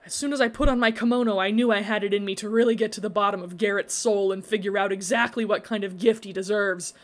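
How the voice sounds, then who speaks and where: A woman voicing a dreamy young man in a storybook reading, earnest and rambling in a halting way. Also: medium pitch, steady tone, close to an everyday voice. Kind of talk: storybook character voice.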